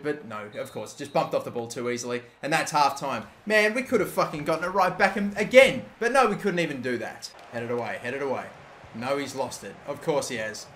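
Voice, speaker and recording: Male gaming commentator, slightly high, sharp tone, swears a lot, prone to loud outbursts. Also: slight background noise. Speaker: gaming YouTuber. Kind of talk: live gameplay commentary.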